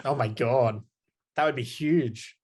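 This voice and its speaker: A man's voice: medium pitch, slow, a little mellow. Podcast co-host, man, mid-range voice, mostly brief reactions. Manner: short agreeing interjections. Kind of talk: casual chat.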